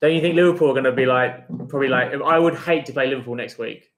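A man's voice: medium pitch, quick pace, fairly bright tone. Male guest from Australia, casual and tentative football talk. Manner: tentative, lots of kinda and right.

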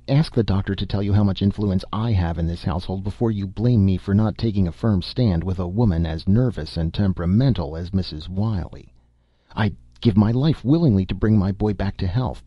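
A man's voice: deep voice, normal speed, husky, dry recording, highs cut off. A man reading the part of a gloomy, brooding middle-aged father who speaks impatiently and bitterly.

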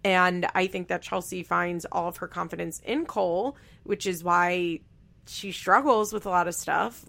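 A woman's voice: fairly low pitch, creaky, fairly bright tone. A woman host giving casual, blunt commentary on a reality show, chatty and swearing freely.

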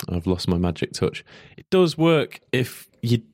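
A man's voice: mid-range voice, unhurried. A man co-hosting a podcast, chatting casually and joking about a science demonstration. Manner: joking, lively, easygoing. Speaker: podcast co-host.

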